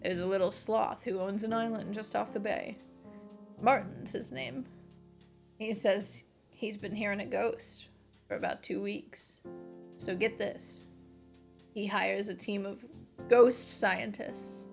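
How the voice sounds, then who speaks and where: A woman's voice: mid-range voice, fairly even intonation, takes it slowly, vocal fry, pauses often, soft background music. A woman voicing a chatty male detective supervisor who tells his story in a casual way.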